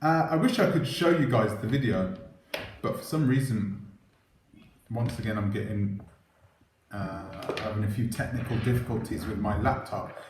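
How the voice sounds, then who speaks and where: A man's voice: on the low side, moderate pace, pauses often, a little mellow, a little hiss or hum. A man hosting his own commentary channel, talking casually to camera on a clip-on mic, rambling and asking his viewers rhetorical questions. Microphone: clip-on microphone.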